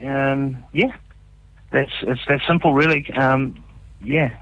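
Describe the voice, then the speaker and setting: A man's voice: medium pitch, fairly even intonation, slow, fairly bright tone, dry recording, muffled recording. A man with a New Zealand accent, a musician guest on a radio show, telling stories openly and earnestly with lots of fillers. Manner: open, earnest storytelling with many fillers. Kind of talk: casual radio interview.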